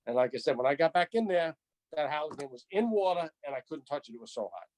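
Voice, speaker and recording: A man in his sixties, a retired firefighter, telling a story in an animated, repetitive way. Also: a little high, fast talker. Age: 60s. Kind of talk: storytelling interview.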